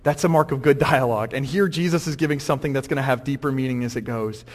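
A man preaching a sermon in a lively, humorous way, acting out the scripture as he goes. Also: medium pitch, fast talker, big-room sound. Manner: humorous, acts out quotes, animated.

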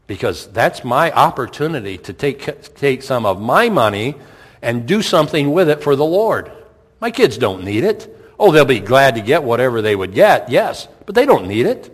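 A middle-aged pastor preaches at a middling pitch, chatty and plainspoken, stacking rhetorical questions and circling back to repeat himself. His voice carries through a church sanctuary with a long hall reverb. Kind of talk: sermon.

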